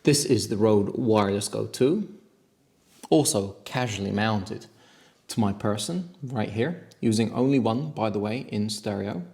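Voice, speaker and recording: A man presents gear in a review vlog with playful enthusiasm. His voice sits on the low side, with a gravelly edge. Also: unhurried, darkish tone. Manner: enthusiastic, playful demo talk. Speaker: tech reviewer.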